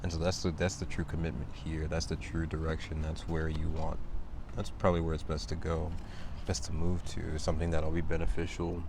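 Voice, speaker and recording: A man with a very deep, low voice gives a casual tarot reading, stopping and restarting his phrases as he works through the cards. Loud background noise with passing vehicles runs under his voice. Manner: halting, restarts phrases often, excitable asides. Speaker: tarot reader.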